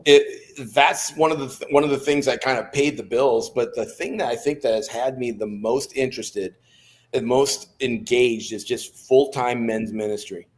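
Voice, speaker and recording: A man's voice: mid-range voice, moderate pace. A man in his fifties, a former Navy SEAL guest telling stories from his life in a casual interview and laughing between anecdotes. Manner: animated storyteller who laughs between anecdotes.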